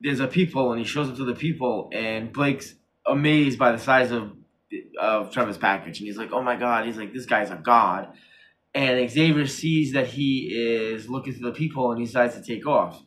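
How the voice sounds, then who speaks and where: A man's voice: mid-range voice, moderate pace, a little hiss or hum. A man co-hosting a casual horror review chat, rambling and repeating himself as he acts out quotes from the show. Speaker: podcast co-host.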